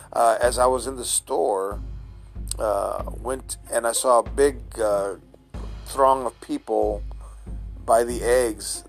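A man talking casually on his own, meandering from point to point with lots of restarts and pauses to search for words. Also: medium pitch. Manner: meandering, chatty, frequent uh fillers and restarts. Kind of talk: casual rambling monologue.

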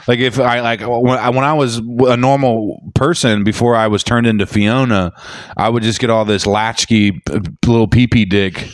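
A loud, brash young man co-hosting a podcast, cracking crude jokes in casual banter on a studio mic. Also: mid-range voice, steady tone, moderate pace, no echo. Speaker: podcast co-host.

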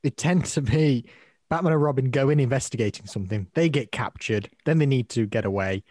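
A man's voice: medium pitch, a little fast, a little mellow, dry recording, studio quality. A man co-hosting a podcast, chatting casually and laughing as he retells favourite lines. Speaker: podcast co-host. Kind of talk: casual chat.

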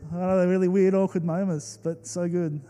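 A young Australian man preaches from the pulpit, his voice warm, mellow and slightly high. He tells stories earnestly and emotionally, full of little fillers and restarts. The sound carries a long reverb from a church hall. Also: flat delivery, a little fast. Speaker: pastor. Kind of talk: storytelling sermon.

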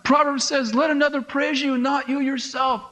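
A middle-aged pastor with a strikingly high voice delivers a sermon. He preaches in an animated, conversational way, acting out little exchanges and laughing at his own asides. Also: normal speed, low-quality recording.

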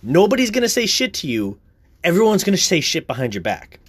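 A man's voice: sits high, wildly swooping pitch, fairly quick, slightly rough. A young man talking casually, blunt and profane, in a heated rant.

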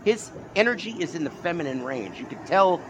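A man's voice: a little high, animated, noisy background. A man joking and interrupting in casual podcast chat. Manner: teasing, quick joking interruptions. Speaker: podcast co-host.

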